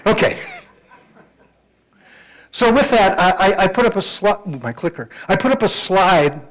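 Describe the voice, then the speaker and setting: A man's voice: high-pitched, very animated, normal speed, pauses often, a bit bright. A man giving a talk at a community club meeting, telling a joke and chatting casually with the audience. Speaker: guest speaker. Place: meeting hall. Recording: dull lo-fi audio.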